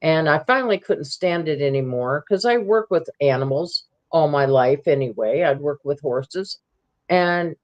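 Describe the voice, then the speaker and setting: A woman guest recounting a personal camping encounter in a halting way, with many ums and restarts. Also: low-pitched, muffled recording.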